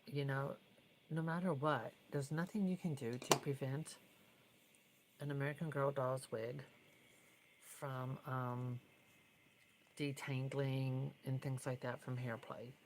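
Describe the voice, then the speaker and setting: Deep-voiced woman chatting about doll wigs. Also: steady tone, slow, pauses often, slight background noise, rough recording. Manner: chatty, opinionated, drifts between soft whispers and fuller speech. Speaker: doll customizer vlogger. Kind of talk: casual tutorial vlog.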